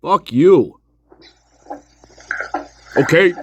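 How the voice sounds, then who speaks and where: A man's voice: on the high side, lively intonation, very slow, lo-fi sound, a little hiss or hum. A man giving profane, sarcastic commentary on a case, swearing and laughing as he talks. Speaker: true-crime commentator.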